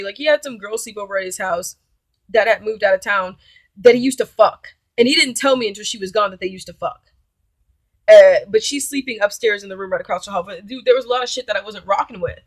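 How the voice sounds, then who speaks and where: A woman's voice: medium pitch, a little fast, dry recording. A young woman telling a personal story casually, bluntly and indignantly, with plenty of swearing and acted-out quotes of both sides. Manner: blunt, profane, indignant retelling with quoted dialogue.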